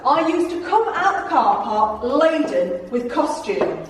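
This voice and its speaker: A woman's voice: sits high, big pitch swings, measured pace, distant mic. Chatty woman in an echoey room. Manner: chatty and jokey, laughing often and bantering with the audience. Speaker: guest speaker at a club. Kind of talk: humorous anecdotal talk to a live audience. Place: club meeting room.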